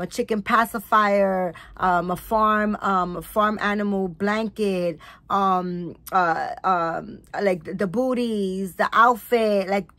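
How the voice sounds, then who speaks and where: A woman's voice: mid-range voice, fairly bright tone, no room sound. A woman vlogging at home as she unboxes a gift, gushing and filling her talk with "like" and "um.". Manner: gushing, full of "like" and "um" fillers. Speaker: doll channel vlogger. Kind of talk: casual unboxing vlog. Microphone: phone or camera set nearby.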